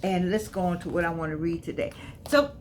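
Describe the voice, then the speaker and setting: A woman's voice: fairly low pitch, brisk, a little hiss or hum. An older woman from the United States, hosting her own channel and talking casually to viewers with a repetitive, preacher-like cadence. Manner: chatty, preacher-like cadence, repeats phrases. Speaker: author and channel host.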